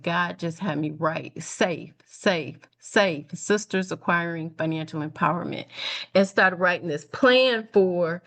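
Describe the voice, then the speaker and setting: A middle-aged woman from Detroit, a guest on an interview show, tells her life story in an animated way. Her voice sits a little low, and she jumps into the voices of the people she quotes. She laughs easily as she talks. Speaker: guest, nonprofit founder and speaker. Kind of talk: conversational storytelling.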